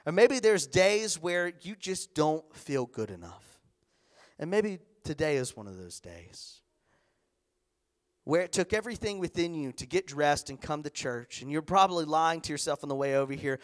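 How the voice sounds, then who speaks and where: A man preaching a sermon as pastor in a church, animated, acting out the voices of others. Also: on the high side, moderate pace.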